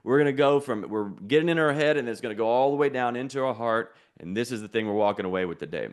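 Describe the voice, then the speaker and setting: A man's voice: mid-range voice, quick pace, smooth. A man hosting an online challenge, teaching in a preachy, repetitive way with call-and-response lines. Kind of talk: motivational teaching.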